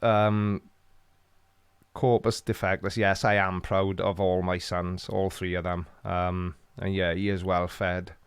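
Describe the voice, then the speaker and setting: A man's voice: sits low, little pitch movement, slow pace, clean tone, no room sound. A Welsh man hosting a live stream, reading out chat comments with dry, teasing humor. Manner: jokey, dry teasing banter.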